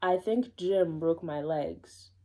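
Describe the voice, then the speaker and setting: A woman reading the lines of a tired, blunt young heroine who explains things flatly. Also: deep voice, takes it slowly. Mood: weary explaining.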